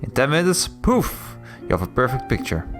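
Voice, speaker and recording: A man's voice: medium pitch, very animated, moderate pace, music in the background, voice pushed up, natural voice. A man voicing a chatty, naive young noblewoman cat in a story game.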